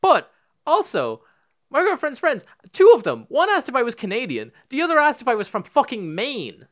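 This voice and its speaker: Young Irish male podcast co-host, animated rant, lively swooping pitch. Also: moderate pace. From Ireland. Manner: ranting, animated, swears freely. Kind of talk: casual chat.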